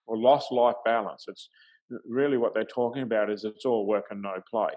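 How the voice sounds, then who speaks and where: A man's voice: lowish voice, normal speed, lo-fi sound. A middle-aged man hosting a talk show as a life coach, thinking aloud in a conversational way and chuckling easily.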